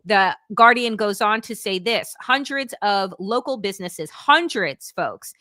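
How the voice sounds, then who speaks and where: Woman host, bright clear voice, dry close sound, heated but chatty, reads headlines aloud. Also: medium pitch, expressive, measured pace, no echo. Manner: impassioned, conversational, reads news aloud. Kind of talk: live political talk show.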